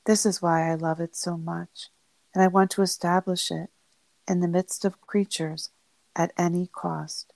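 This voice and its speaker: A woman giving a solemn devotional reading, phrased in short, measured pieces. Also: on the low side, flat delivery, gravelly, a little mellow, no room sound, rough recording. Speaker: reader of devotional texts.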